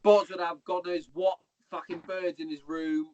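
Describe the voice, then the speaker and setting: A man with a high, a little mellow voice and little pitch movement speaks at a moderate pace. He's a Hereford-born podcast guest rambling about the army, swearing freely and calling the listener "mate," heard in dull lo-fi podcast audio.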